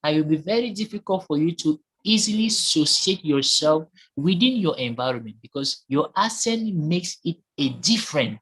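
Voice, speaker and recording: A man's voice: a little high, animated, normal speed, hardly any pauses, fairly bright tone, breathy edge, poor audio. A man giving his opinion in an online discussion, earnest and repeating his points for emphasis over a call. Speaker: discussion participant.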